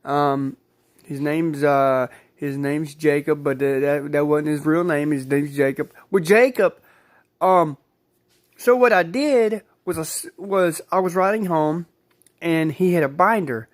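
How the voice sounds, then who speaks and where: A man's voice: a little high, measured pace. A man casually telling a personal story, rambling, repeating himself and swearing freely.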